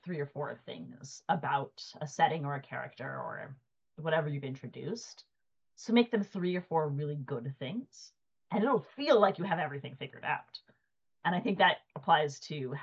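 A woman with a husky, slightly low voice gives emphatic, animated advice, leaning on "like" as she builds her points. The recording is a little dull and muffled. It is a relaxed podcast conversation. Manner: emphatic, animated, says 'like' often. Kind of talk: casual panel chat.

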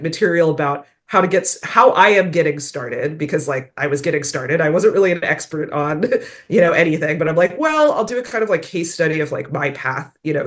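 A woman guesting on a podcast, talking casually with many fillers and easy laughs. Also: sits low. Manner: chatty, filler-heavy, laughs easily. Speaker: podcast guest, game designer. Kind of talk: casual interview chat.

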